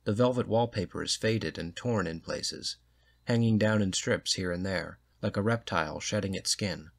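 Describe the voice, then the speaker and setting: Measured male narrator reading a story, lower register. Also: vocal fry. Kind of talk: audiobook reading of a short story.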